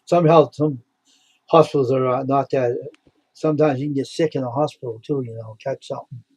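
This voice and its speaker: A man tells a long, rambling story on a casual live stream, repeating himself and speaking bluntly. His voice is husky and dark in tone, at a middle pitch. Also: steady tone, a little fast, no echo, muffled recording. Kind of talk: casual chat.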